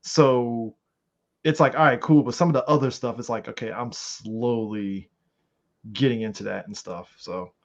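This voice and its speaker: A man co-hosting a podcast in casual chat, animated and profane, rambling with lots of fillers. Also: mid-range voice, normal speed. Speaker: podcast co-host. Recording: slightly muffled lo-fi audio.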